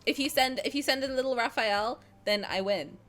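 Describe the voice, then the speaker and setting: A woman streaming a game, talking casually with her chat, swinging from loud squeals to quiet mutters. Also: on the high side, moderate pace, soft background music.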